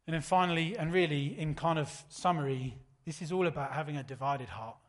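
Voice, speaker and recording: A man, preaching a sermon in a relaxed, storytelling way. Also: on the high side, a little fast. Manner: conversational, anecdotal preaching. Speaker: pastor.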